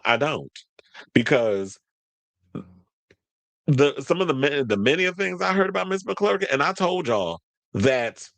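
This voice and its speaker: Sassy animated male gossip host. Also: mid-range voice, no echo. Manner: sassy, animated, quick asides and restarts. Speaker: commentary channel host. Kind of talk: casual gossip commentary.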